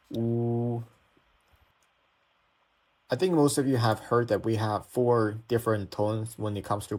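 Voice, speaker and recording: A man's voice: on the low side, darkish tone. A man from China with a Chinese accent, a native Chinese speaker teaching a pronunciation lesson and patiently repeating sounds to demonstrate them. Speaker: language teacher.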